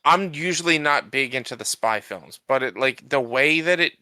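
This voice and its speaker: This man's sharp, medium-pitched voice is animated and moderately paced as he co-hosts a podcast and chats casually about a film. He rambles with lots of restarts and fillers, and there's no room sound.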